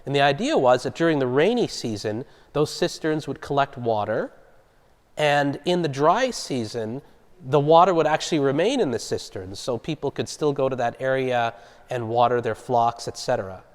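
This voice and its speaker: Man, Bible study teacher, mid-pitched voice, conversational and explanatory, long hall reverb. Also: expressive, moderate pace. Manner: conversational, explaining and asking the group questions. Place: church hall.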